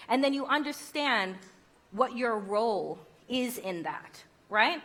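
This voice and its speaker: A woman's voice: a little high, pushed and bright. A woman giving a conference keynote speech, emphatic and rhetorical, with wry humor. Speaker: keynote speaker.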